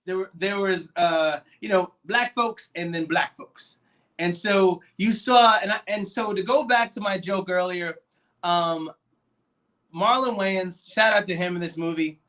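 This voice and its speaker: Man, high voice, casual film chat, animated, acts out quotes. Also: a little slow. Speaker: podcast co-host. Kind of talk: casual movie discussion.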